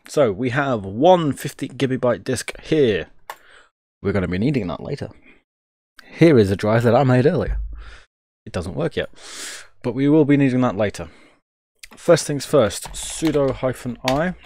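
A young man streams live, joking, swearing freely, and thinking aloud while he works, in casual commentary. His medium-pitched voice is animated and darkish, with a measured pace and frequent pauses.

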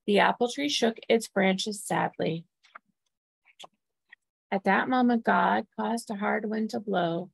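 A woman reads a children's picture book aloud, slowing down for the story and stopping to ask her listeners questions. Her mid-pitched voice has a slight gravelly texture. The recording is close and dry. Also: no room sound. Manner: warm, asks listeners questions. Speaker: temple staff or clergy storyteller.

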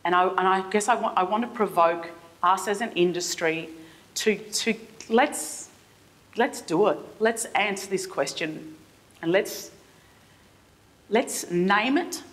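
A middle-aged woman with an Australian accent giving a conference keynote in an impassioned, halting way, often restarting her sentences. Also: mid-range voice, fairly bright tone. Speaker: keynote speaker. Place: theatre forum stage.

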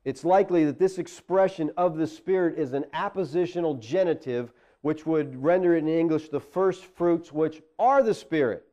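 A man's voice: fairly high pitch, normal speed, few pauses, warm tone. A man preaching a sermon as pastor, talking conversationally and rising to emphatic exclamations.

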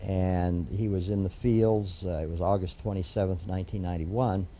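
With a low, dark voice, an older American federal judge tells stories for an oral history interview at normal speed and with fairly even intonation. He's a warm, rambling storyteller who uses many fillers and restarts, and there's faint background noise.

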